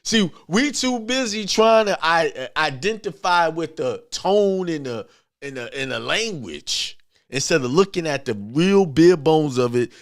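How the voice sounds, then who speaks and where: Man, informal sermon, blunt and repetitive, very lively pitch. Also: a little slow, no room sound, studio quality. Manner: emphatic, repetitive, talks straight and blunt. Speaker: spiritual speaker.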